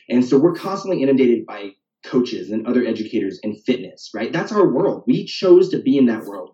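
A fitness coach with a mellow, medium-pitched voice talks casually on a podcast. He's talkative and ends his points with "right?", and the recording has a roomy, distant, dull lo-fi sound.

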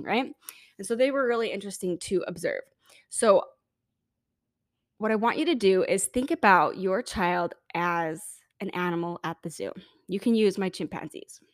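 Woman parenting coach chatting on her podcast, mid pitch, acts out what moms think, dry sound. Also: no echo. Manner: conversational, animated, acts out inner thoughts. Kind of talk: casual podcast monologue.

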